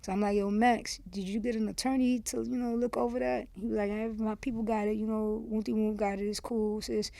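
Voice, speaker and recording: A woman from Miami tells a story in a loose, candid way as an interview guest. Her voice is warm and relaxed, and the room is dry and close. She slips into quoted back-and-forth as she talks. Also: medium pitch, a little fast, vocal fry, hardly any pauses, no echo. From Miami, USA. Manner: candid and animated, acts out quoted dialogue, lots of "you see what I'm saying". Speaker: podcast guest, former rapper.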